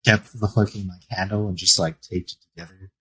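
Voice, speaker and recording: A young man talking casually as a co-host. His voice sits low with a husky edge. He is laid-back, mostly chiming in with short replies and casual swearing. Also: flat delivery, a little fast, fairly bright tone, dry recording, low-quality recording. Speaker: podcast co-host. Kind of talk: casual chat.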